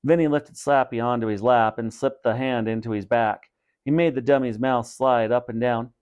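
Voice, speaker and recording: A man, a teacher, reading a storybook aloud with expressive narration. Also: medium pitch, normal speed, clean tone.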